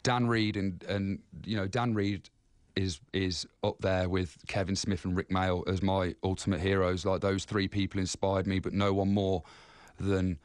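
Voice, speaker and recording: Radio guest: earnest man, low voice, dry close sound, repeats himself. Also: little pitch movement, clean tone, dry recording. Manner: earnest, repetitive, halting. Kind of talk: radio interview.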